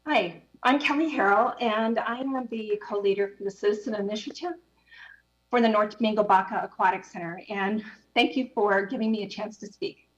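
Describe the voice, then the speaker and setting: A woman giving public comment at a council meeting, out of breath, talking in a hurried and apologetic way with lots of fillers. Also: mid-range voice, muffled recording.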